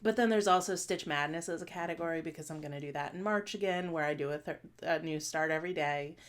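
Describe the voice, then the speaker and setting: A woman in her late thirties chatting casually to camera as a stitching vlogger, rambling with many fillers and restarts. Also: sits low. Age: 30s. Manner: talks fast at times.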